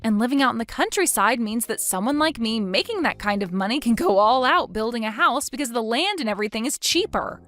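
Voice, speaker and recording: A woman's voice: a little high, lively intonation, brisk, a bit bright, soft background music. A woman reading a scripted text story aloud in a firm voice. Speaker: story narrator.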